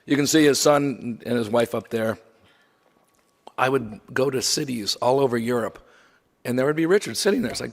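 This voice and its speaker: A man's voice: mid-range voice, normal speed, vocal fry, long pauses. A man giving a memorial lecture from slides, conversational with wry asides. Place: lecture hall. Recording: long hall reverb.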